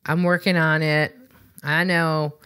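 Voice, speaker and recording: A woman co-hosting a podcast, telling a story in a casual, animated, wry way and acting out both sides of conversations. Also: low voice, takes it slowly, smooth, no echo, studio quality. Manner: exasperated, wry. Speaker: podcast co-host.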